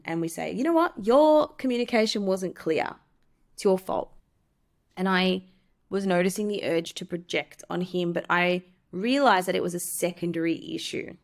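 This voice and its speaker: Woman, podcast host, candid storytelling, self-help tips. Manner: candid, acts out quoted voices with lively pitch jumps.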